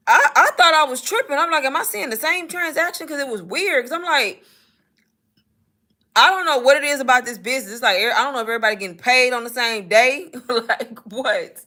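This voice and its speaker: A woman talking loosely on a live stream. Her voice is bright and forward. She chats in an animated way and turns to answer viewers' comments. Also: on the high side. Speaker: host of a live Q&A on online business.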